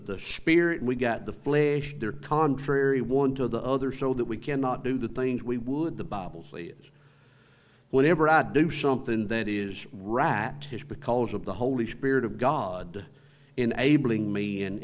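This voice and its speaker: A pastor with a Southern American accent preaching a sermon in a folksy way, asking the congregation questions. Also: male voice, medium pitch, a little mellow.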